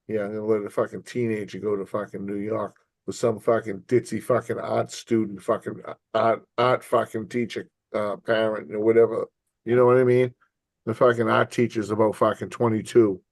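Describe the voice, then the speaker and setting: A man's voice: on the low side, fairly quick, no echo. A middle-aged man, chatting casually and telling stories full of swearing, acting out what others said. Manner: profane, animated storyteller acting out quotes. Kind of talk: casual chat.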